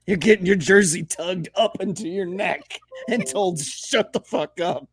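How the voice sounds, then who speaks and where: A man's voice: sits high, measured pace. A man co-hosting a sports podcast, blunt, profane and exasperated. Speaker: podcast co-host. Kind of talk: casual sports chat.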